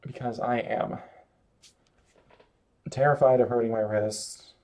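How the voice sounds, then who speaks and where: A man's voice: mid-range voice, fairly even intonation, slow pace, warm tone. Rambling, self-mocking male streamer. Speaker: streamer drawing live. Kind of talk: casual chat while drawing.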